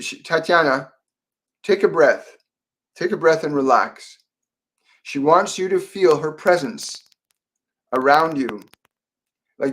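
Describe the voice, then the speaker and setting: A man hosting a live-stream Q&A as a psychic medium, talking softly and meanderingly with many fillers and restarts. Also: medium pitch. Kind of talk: live-stream Q&A, relaying spirit messages.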